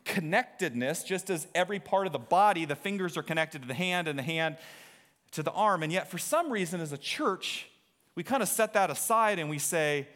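A man's voice: a little high, animated, brisk, a bit bright. A man preaching a sermon from a church stage, talking in a conversational, joking way and quizzing the congregation. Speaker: pastor.

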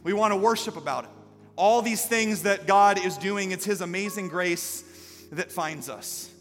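Bright-voiced preacher in a reverberant sanctuary. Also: male voice, a little high, moderate pace, some chatter behind. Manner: storytelling that builds to loud, impassioned preaching. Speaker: pastor. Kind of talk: sermon. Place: church sanctuary. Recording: live hall reverb with faint music.

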